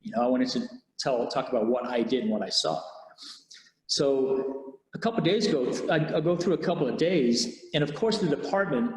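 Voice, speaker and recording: Male officer, mid-pitch, candid storyteller who quotes dialogue, echoey hall. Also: moderate pace, darkish tone. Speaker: police officer. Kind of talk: personal storytelling. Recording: roomy hall reverb.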